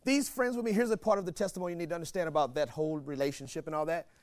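A male pastor preaching a sermon, moving from quiet storytelling to shouted exhortation and repeating phrases for emphasis. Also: fairly high pitch, rapid-fire, slight background noise. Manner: repeats phrases for emphasis, laughs between points.

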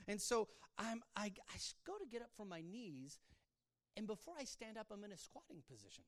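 A man preaching a sermon, telling his own story, his voice swinging from hushed to loud. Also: sits high, very animated, normal speed. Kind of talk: sermon testimony.

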